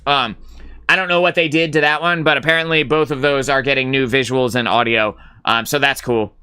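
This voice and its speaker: A man's voice: mid-range voice, steady tone, a little fast, bright, forceful tone, smooth. A man hosting a live gaming stream, talking casually in a rambling, filler-heavy way, blunt and sometimes profane as he answers chat.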